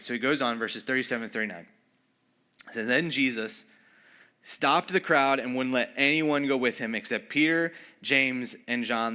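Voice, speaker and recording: A man's voice: on the high side, sharp tone. A man preaching a sermon as pastor, telling a scripture story in a casual, conversational way and acting out the lines of the people in it.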